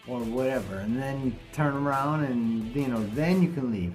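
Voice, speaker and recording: A man's voice: medium pitch, normal speed, hardly any pauses, a little mellow, faint music behind. A man talking bluntly and casually to camera in a vlog, cursing now and then. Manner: blunt, plainspoken, swears casually. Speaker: vlogger.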